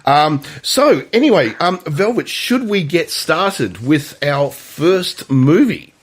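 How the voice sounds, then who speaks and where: A man's voice: a little high, takes it slowly, husky. An Australian man hosting a film podcast, chatting casually and animatedly with frequent chuckles. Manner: animated, chuckling, hesitant restarts. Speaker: podcast host. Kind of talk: casual chat.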